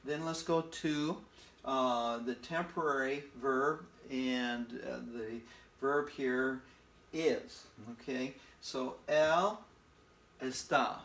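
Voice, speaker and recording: Man, casual language teacher, unhurried, keeps asking okay, echoey home room. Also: mid-range voice. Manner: relaxed, repetitive, checks in with "okay?" often. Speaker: Spanish teacher. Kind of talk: casual recorded lesson at a board.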